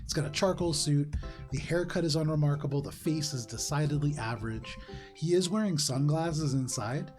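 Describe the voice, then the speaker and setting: A man's voice: a little high, moderate pace, darkish tone, faint music behind. A man narrating a tabletop game as game master, describing scenes casually with plenty of "like" and "uh". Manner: casual, descriptive, with frequent fillers.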